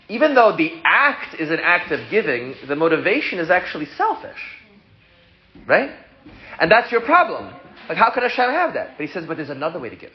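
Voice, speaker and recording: A man teaching a casual Torah class to students, playful and chatty as he explains ideas and answers questions. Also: on the high side. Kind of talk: informal Torah lesson with questions. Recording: dull lo-fi sound with loud hiss.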